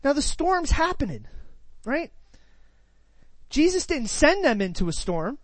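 A woman's voice: high voice, sing-song, measured pace, no room sound. A woman preaching, who retells a scripture passage and then teaches it in a conversational way, full of rhetorical questions and "right?" tags.

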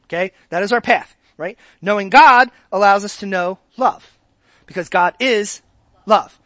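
A man's voice: sits high, a little slow, pushed and bright, no echo. A man preaching a sermon as pastor, talking to the congregation conversationally, asking rhetorical questions and repeating his words.

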